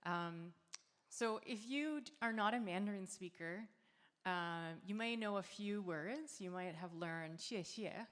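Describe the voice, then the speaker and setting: Woman chatting to a crowd in a hall. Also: fairly low pitch. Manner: relaxed, friendly, with filler words and light laughs. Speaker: singer and performer. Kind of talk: chatty stage introduction to an audience. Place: large hall at a community celebration. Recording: live hall sound with long reverb.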